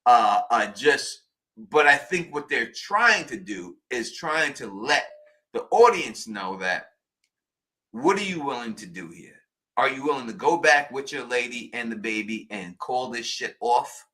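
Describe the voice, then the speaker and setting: A man's voice: medium pitch, animated, measured pace, bright, forceful tone. A man with a Queens, New York accent, co-hosting a live stream in casual chat, emphatic and often restarting his sentences. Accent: New York City, Queens.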